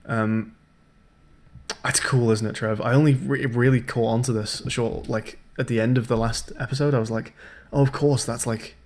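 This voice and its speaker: A man's voice: mid-range voice, level tone, moderate pace, a little mellow. Man musing through a puzzle game. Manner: thinking aloud, chatty, hesitant with ums. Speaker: game streamer. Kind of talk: casual let's-play commentary.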